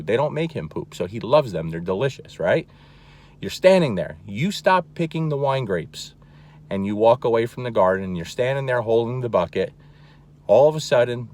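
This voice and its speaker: A man's voice: medium pitch, darkish tone, slight background noise. Dog trainer guy explaining stuff straight to you, keeps saying okay, medium voice. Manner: emphatic, checks in with "okay?" often; plainspoken, repeats key words for emphasis. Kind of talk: instructional talk to camera.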